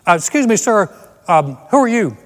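A man playing an eager male TV news producer, brisk, gleeful and pushy. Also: high-pitched, very animated, long reverb tail, voice pushed up.

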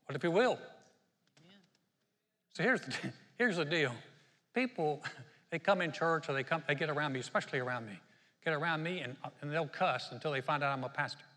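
A man preaching a sermon as pastor, animated and laughing often as he quotes scripture. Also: a little high, fairly quick, pauses often. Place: church. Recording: long hall reverb.

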